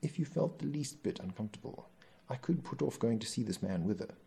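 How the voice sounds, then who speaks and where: A man's voice: mid-range voice, expressive, a little fast, vocal fry, warm tone, husky, voice pushed up, heavily acted. A man reading aloud, voicing a young husband who fusses over his wife and turns defensive. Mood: fussing.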